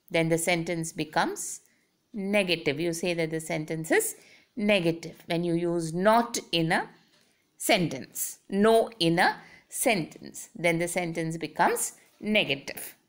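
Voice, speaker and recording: A woman's voice: fairly low pitch, clear, resonant tone. A woman lecturing on English grammar, explaining step by step and drawing out her example sentences. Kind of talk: slow, deliberate grammar lesson.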